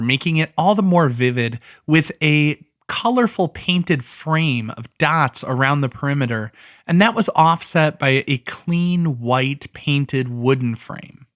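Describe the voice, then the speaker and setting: Male art explainer with a slightly high voice; casual, thinks aloud, dry close recording. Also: a bit bright, dry recording. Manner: conversational, thinking aloud with asides. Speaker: art educator.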